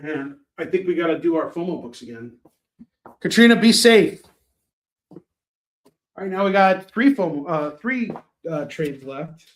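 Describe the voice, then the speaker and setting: A man hosting a live shopping stream, chatting casually with viewers by name and pitching items between self-mocking jokes. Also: lively intonation, unhurried, pauses often.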